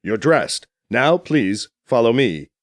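A man's voice: medium pitch, big pitch swings, no echo, clean studio sound, voice pushed down. A man voicing a proud, formal alien captain. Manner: formal, measured, dignified.

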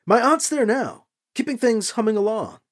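A man raising his voice high to play an earnest young rebel on the run, bright and lively in pitch. He sounds urgent and a little defensive, with a husky edge to the voice, as in a read-aloud sci-fi story. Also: moderate pace.

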